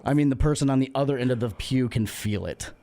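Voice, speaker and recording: A man's voice: mid-range voice, fast talker, warm tone. A man co-hosting a radio chat show, laughing often and restarting his sentences. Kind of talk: casual comedic chat. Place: radio studio.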